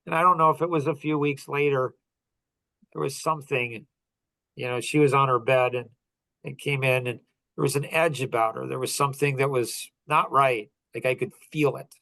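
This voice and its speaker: A man's voice: mid-range voice, fairly even intonation, normal speed, creaky, bright, forceful tone, no echo. A middle-aged man hosting a podcast, telling a personal story in an earnest, heartfelt way, often restarting his sentences. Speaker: podcast host.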